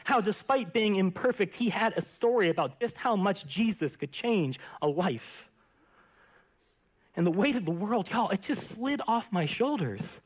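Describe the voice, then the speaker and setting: A young adult man preaching a sermon, earnest and impassioned, dropping to a hush at times. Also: sits high, expressive, measured pace, husky. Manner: earnest and impassioned, with hushed quiet passages. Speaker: pastor.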